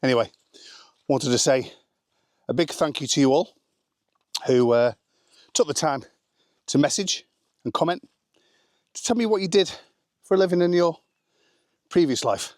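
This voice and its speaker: The recording is studio quality with no room sound, carrying a slightly mellow, highish male voice at a moderate pace that pauses often. Out on a rural smallholding, he casually vlogs about his family's life abroad in a rambling, self-deprecating way, sprinkling in "um" and "anyway."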